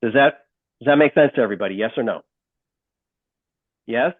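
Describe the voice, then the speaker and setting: A male instructor giving a live online lesson. He is animated, keeps questioning the class and repeats key points slowly. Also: medium pitch, husky, no echo. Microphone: video call. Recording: dry, phone-like call audio.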